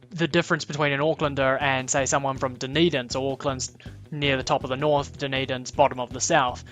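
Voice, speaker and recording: A man's voice: mid-range voice, a bit bright. A man with a New Zealand accent co-hosting a casual livestream, teasing and laughing often, with plenty of ums. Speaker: livestream co-host.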